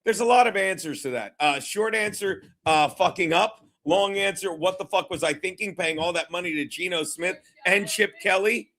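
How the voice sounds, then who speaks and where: A man's voice: high-pitched, moderate pace, hardly any pauses, bright, forceful tone. A man doing an impression of a stubborn older male football coach who mocks himself in a dazed, profane way. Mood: bumbling. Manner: dazed, profane self-mockery.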